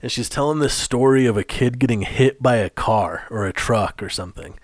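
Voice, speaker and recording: A man's voice: mid-range voice, fairly quick, dry recording, studio quality. A man from the United States co-hosting a podcast in loose, profane, laughing banter. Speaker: podcast co-host. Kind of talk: casual podcast chat.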